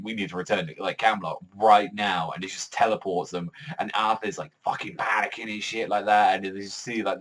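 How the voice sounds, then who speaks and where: Rambling low-voiced man swearing casually. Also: fairly bright tone, rough recording. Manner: rambling, heavy filler "like", frequent swearing. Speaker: anime and manga reviewer. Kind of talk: casual review vlog.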